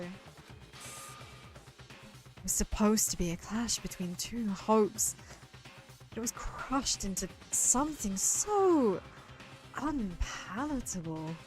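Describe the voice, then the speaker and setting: A young woman streaming a game, reacting emotionally, swearing freely and repeating herself. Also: mid-range voice. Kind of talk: casual live game reaction.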